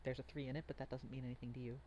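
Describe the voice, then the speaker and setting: A woman's voice: rumbling low, level tone, rapid-fire, lo-fi sound, noisy background. A woman running a tabletop game as game master, chatty and playful, often trailing off while she thinks.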